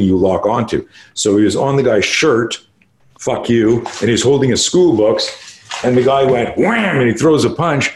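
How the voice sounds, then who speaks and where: Brief: man, 60s, lowish voice, swears a lot, punchy podcast-guest storyteller. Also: a little hiss or hum. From Canada. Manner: profane, emphatic storyteller. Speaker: martial arts instructor, podcast guest. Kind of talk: conversational interview storytelling.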